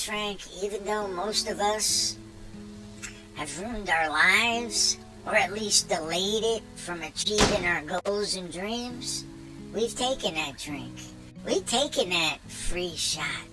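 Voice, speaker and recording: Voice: mid-range voice, poor audio. A performer voicing a chatty, hyped-up male robot buddy who talks at length and mocks those who pester him. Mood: earnest. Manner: long-winded, animated, mocking. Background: clear music.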